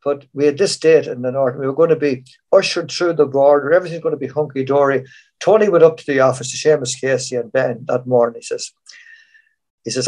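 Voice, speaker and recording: A man's voice: medium pitch, steady tone, quick pace, a little mellow. An older Irish man, a former showband musician, telling rambling stories from his touring years in an online panel. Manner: rambling anecdotal storytelling.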